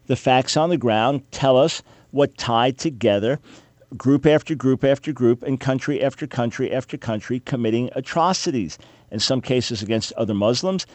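A man's voice: medium pitch, a little mellow, dry recording. A man hosting a talk radio show, delivering an emphatic, opinionated monologue with sarcastic rhetorical quizzes for his listeners.

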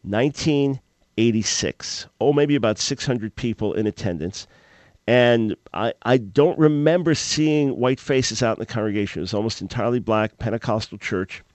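A man hosting a call-in radio show and telling a story in an animated, preacherly way, jumping high and loud when he acts out his own thoughts. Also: moderate pace, no room sound. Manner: animated, jumps to a much higher, louder voice when acting out his own past thoughts; preacherly, emphatic.

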